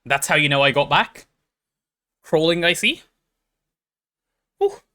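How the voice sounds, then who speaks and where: A man streaming a game, chatting casually with his chat and thinking out loud as he plays. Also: fairly high pitch, normal speed. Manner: chatty, thinks aloud while playing and answers chat.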